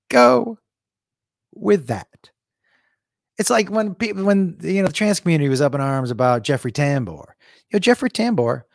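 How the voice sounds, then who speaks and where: Animated, profane man with a lively voice. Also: a little high, creaky, no echo, clean studio sound. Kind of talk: casual chat.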